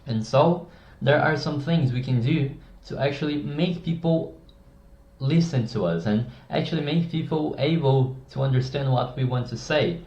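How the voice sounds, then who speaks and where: Man giving speaking tips in an echoey room. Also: moderate pace. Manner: demonstrates tones, drops voice low and soft for examples. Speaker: communication tips presenter. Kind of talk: casual explanatory video lesson. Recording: echoey room, dull lo-fi sound.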